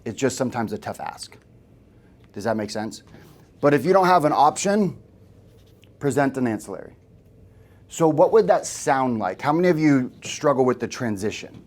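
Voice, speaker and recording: A man's voice: medium pitch, lively intonation, moderate pace, pauses often. A man giving a live sales training to a room of agents, talking casually and often checking in with questions to the group. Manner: conversational, asks the room questions.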